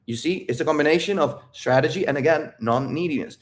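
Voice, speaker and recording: A fast-talking man with a voice on the high side delivers a relationship coaching monologue with role-play. He's emphatic and blunt, curses freely, and checks in with listeners while acting out scenes.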